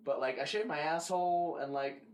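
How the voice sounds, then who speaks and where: A man's voice: on the high side, a little fast. A young man as a guest in a casual chat, talking candidly and swearing freely. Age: young adult. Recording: faint background noise.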